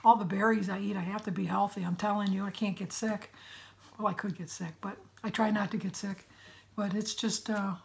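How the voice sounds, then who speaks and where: A middle-aged woman from Michigan chatting in a casual vlog, her voice raspy and congested, clearing her throat often and apologizing as she rambles. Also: medium pitch, steady tone, a little fast, darkish tone. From Michigan, USA. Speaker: vlogger. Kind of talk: casual weight-loss update vlog.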